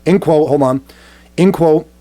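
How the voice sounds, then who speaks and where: A man's voice: on the high side, measured pace, dark tone. A man co-hosting a casual satirical podcast, reading news aloud and mocking it in a crude, sarcastic way. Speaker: podcast co-host.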